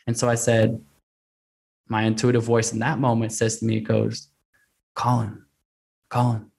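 A man being interviewed, telling a long personal story in an animated conversational way, full of repeated fillers. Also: medium pitch, brisk. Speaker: guest recounting an expedition.

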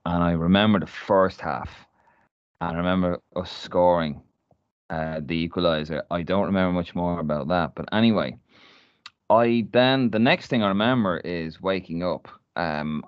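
Speaking in a low voice, an Irish man co-hosting a podcast rambles through an anecdote full of laughter and free swearing in casual conversation. The recording sounds dry and muffled.

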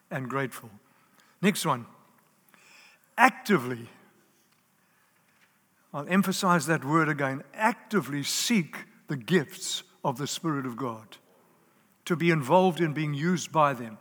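A man's voice: on the high side, a bit bright. A man preaching a sermon in an earnest, emphatic way, stacking up lists and repeating key words. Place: church hall. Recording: live in a large reverberant hall.

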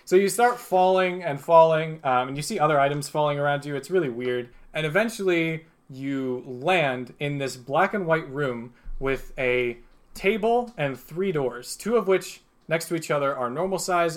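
A man's voice: on the high side, moderate pace. A young man narrating as game master, rambling with many fillers and chuckling as he goes.

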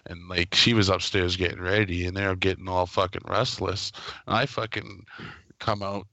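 A man co-hosting a casual podcast, telling profane, animated stories about his family. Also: sits low, normal speed, creaky, no echo, muffled recording. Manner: profane storyteller, animated when quoting his mom. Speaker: podcast co-host. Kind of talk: casual chat.

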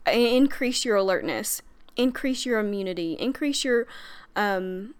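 A woman's voice: mid-range voice, expressive, measured pace, clear, resonant tone. A young adult woman hosting a podcast as a breathwork coach, talking in an earnest, chatty way with frequent fillers and little laughs. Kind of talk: casual monologue.

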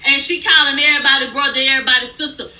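High-voiced woman going off about reality tv, loud mouthed and sassy, roomy echo. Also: rapid-fire. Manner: blunt, profane, sassy, animated. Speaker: reality TV recap commentator. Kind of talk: casual profane recap rant.

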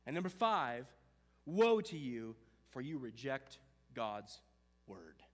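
A man preaching a sermon, emphatic, with dramatic pauses, reading and listing points, in a church with long reverb. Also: medium pitch, sing-song. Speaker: pastor.

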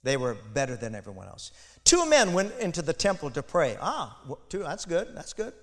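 Male pastor, fairly high voice, impassioned sermon delivery, long church-hall reverb. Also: wildly swooping pitch, moderate pace. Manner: impassioned, builds to loud emphatic peaks, asides to congregation.

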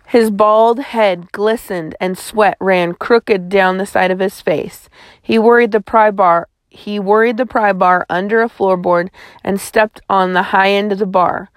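A woman's voice: medium pitch, fairly even intonation, a little slow, no room sound. A woman reading a chapter book aloud in a folksy first-person storytelling manner, close to the mic. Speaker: audiobook narrator.

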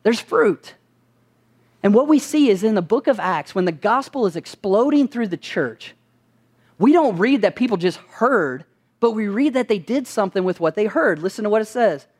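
Preaching as a pastor, a man poses rhetorical questions to his listeners and answers them with emphasis. His voice sits high and is expressive and a little mellow, at a moderate pace.

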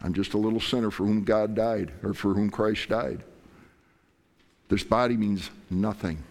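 A man's voice: on the low side, fairly even intonation, moderate pace, darkish tone. A middle-aged man preaching a sermon as pastor, impassioned, acting out prayers and God's replies.

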